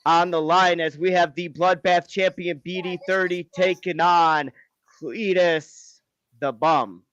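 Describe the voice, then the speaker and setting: A laid-back male commentator with a high voice reads wrestling action and jokes with his co-hosts. His talk is full of slang. The recording is dry and a little dull. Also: fairly even intonation, slow pace, fairly bright tone, no echo. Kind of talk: reading wrestling play-by-play, casual banter.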